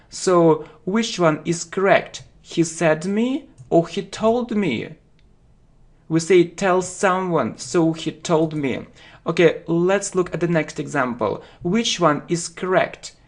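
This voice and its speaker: Slow-talking man teaching vocabulary. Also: fairly high pitch. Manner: repeats key words, checks in with "yeah?" and "okay". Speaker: English teacher. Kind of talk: slow deliberate vocabulary lesson.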